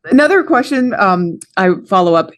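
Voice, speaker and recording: A woman's voice: medium pitch, very animated, moderate pace. A woman interviewing guests, reacting with curiosity and surprise. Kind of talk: conversational interview.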